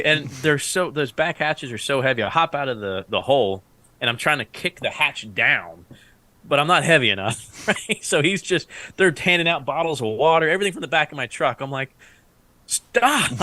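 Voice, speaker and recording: A man's voice: mid-range voice, sharp tone, no echo. A man who served in the Iraq War, telling stories in a casual podcast chat. He rambles, laughs often and acts out what others said. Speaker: Iraq War veteran guest.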